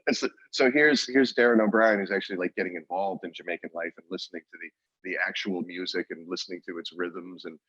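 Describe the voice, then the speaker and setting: Low-voiced rambling podcast man. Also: steady tone, fast talker, a bit bright, slightly rough, no echo, lo-fi sound. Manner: rambling, restarting, laughing often. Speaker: podcast co-host. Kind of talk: casual chat.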